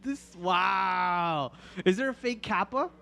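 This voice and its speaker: A man co-hosting a live trading stream, giving casual market commentary with joking banter and quick asides. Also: on the high side, a bit bright.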